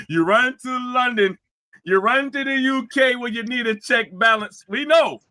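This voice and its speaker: Mocking, high-voiced male stream host. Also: sharp tone. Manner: mocking, laughing, fast rants. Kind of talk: live-stream commentary.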